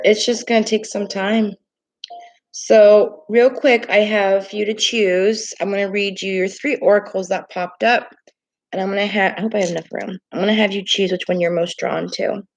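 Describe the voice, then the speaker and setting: A woman's voice: mid-range voice, creaky, a little hiss or hum, rough recording. A woman doing a casual live-stream tarot reading from her laptop, chatty and emotional as she reacts aloud to viewer comments. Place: home desk at a laptop. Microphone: laptop microphone.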